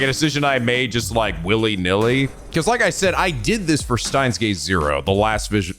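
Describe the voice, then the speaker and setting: A young man hosting a let's play, chatting casually and profanely, laughing often and jumping between low mutters and loud yelps. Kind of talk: casual gameplay commentary.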